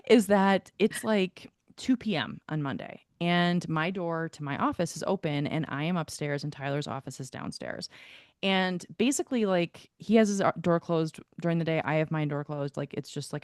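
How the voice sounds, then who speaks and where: A woman's voice: low voice, no echo, clean studio sound. A woman co-hosting a podcast, telling stories in casual chat, filling her talk with "like". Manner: chatty storyteller, filler-heavy "like". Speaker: podcast co-host.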